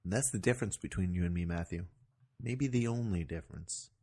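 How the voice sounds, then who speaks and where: Husky-voiced man, dry joking podcast co-host. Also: sits low, brisk, mellow. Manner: dry, mock-blunt joking. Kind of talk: casual comedic chat.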